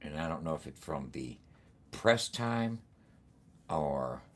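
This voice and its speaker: Vlogging from a print shop, a man gives his viewers a casual motivational talk to camera, profane, rambling, and prone to repeating himself. His voice is a low rumble, animated, and he takes things slowly.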